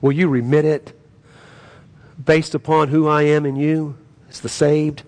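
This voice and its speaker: A man's voice: fairly high pitch, flat delivery, measured pace, darkish tone. A man preaching as a pastor and praying in an earnest, pleading way, his emphasis swelling. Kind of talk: sermon and prayer.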